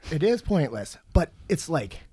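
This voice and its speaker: A man co-hosting a podcast, telling stories in casual, profane, animated chat. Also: on the high side, normal speed, slightly rough. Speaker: podcast co-host.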